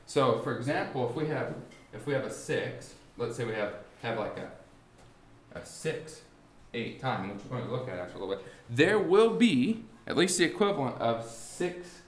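Halting man teaching in an echoey room. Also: medium pitch, big pitch swings, a little hiss or hum. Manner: halting, restarts, rhetorical questions to the class. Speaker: music teacher. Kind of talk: classroom lesson on beat patterns. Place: warm indoor classroom.

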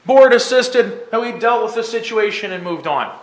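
A man teacher giving an earnest inspirational talk to fellow teachers, impassioned and emphatic, dropping from loud to hushed. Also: high-pitched, expressive, moderate pace.

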